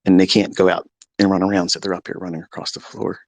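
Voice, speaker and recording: A man's voice: low voice, level tone, quick pace, vocal fry, no echo. Profane, blunt middle-aged man ranting. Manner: profane, blunt, swings into heated yelling. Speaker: trading mentor. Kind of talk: unfiltered live audio-room rant. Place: home basement.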